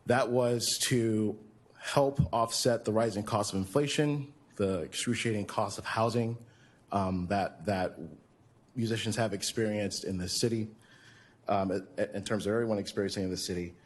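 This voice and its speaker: A man speaking as a music commissioner during public comment at a board meeting, polite and measured, with frequent hesitations. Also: on the low side, steady tone.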